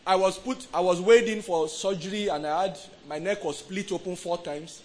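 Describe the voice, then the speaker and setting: A man with a Nigerian accent preaching a sermon, emphatic, swinging from soft to loud and asking the crowd questions. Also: high-pitched, a little fast, hardly any pauses, poor audio.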